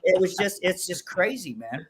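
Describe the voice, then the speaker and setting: A man's voice: high voice, sing-song, normal speed, poor audio. A man who trains and breeds dogs, telling a long story in a podcast interview with many restarts. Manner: rambling, with frequent restarts. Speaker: guest dog trainer and breeder. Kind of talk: casual storytelling.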